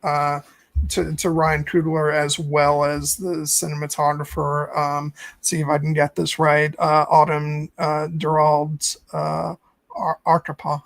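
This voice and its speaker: A man's voice: fairly high pitch, completely flat delivery, measured pace, gravelly, fairly bright tone, no echo. A man hosting a casual film discussion podcast, enthusiastic, stumbling over restarts and swearing as he gushes. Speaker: podcast host.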